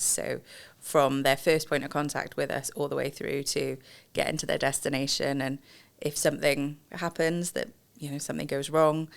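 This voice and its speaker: A woman, a customer experience director, explaining in a measured way with frequent pauses and fillers in a podcast interview. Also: deep voice, creaky. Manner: measured, explanatory, many ums.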